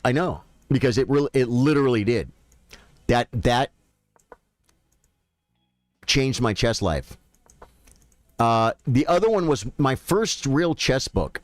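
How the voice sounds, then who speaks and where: A man streaming chess, chatting casually with viewers and thinking out loud about his games. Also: medium pitch, no echo. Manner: chatty, thinks aloud, addresses viewers directly. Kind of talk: casual live-stream commentary.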